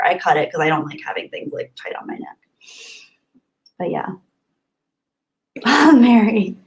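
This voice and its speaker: A woman's voice: mid-range voice, poor audio. A young adult woman hosting a casual livestream, chatting and giggling as she answers viewers' comments by name. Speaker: livestream host.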